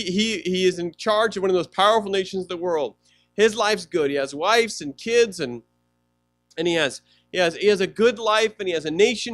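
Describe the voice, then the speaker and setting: High-pitched pastor preaching, acts out loud mocking quotes then drops real quiet, dry sound. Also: male voice, dry recording. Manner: animated preaching, swings from loud mocking quotes to low hushed asides. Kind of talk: sermon.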